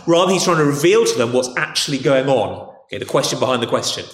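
A man's voice: mid-range voice, lively intonation, fast talker. A man with a posh English accent preaching a sermon in a conversational way, often restarting and saying "okay". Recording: echoey hall.

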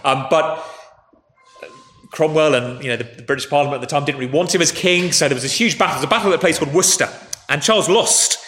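A man preaching a sermon, telling a story in a relaxed conversational way and speaking to the children too. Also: a little high, fast talker, a little hiss or hum. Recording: echoey hall with faint ambience.

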